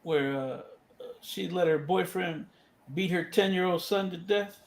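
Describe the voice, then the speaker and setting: A man's voice: sits high, measured pace, vocal fry. A man joining a casual livestream, chatting and retelling a news story in a matter-of-fact way. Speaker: livestream guest.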